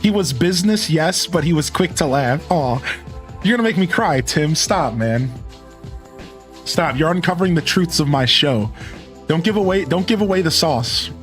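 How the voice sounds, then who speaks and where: Chatty streamer man, slightly high voice. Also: expressive, normal speed, a bit bright, faint music behind. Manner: rambling, chuckling, thanks viewers by name. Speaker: game streamer. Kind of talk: casual live-stream chat with viewers.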